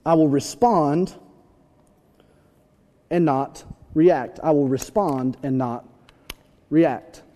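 A young man preaching a sermon, telling stories with animated shouts and asides. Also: a little high, very slow, pauses often. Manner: animated storytelling, acts out scenes with shouts. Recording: long hall reverb.

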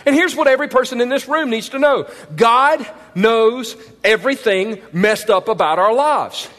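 A male pastor preaching a sermon in a large church auditorium, animated and emphatic, often asking the crowd questions. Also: very high-pitched, moderate pace. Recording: long hall reverb.

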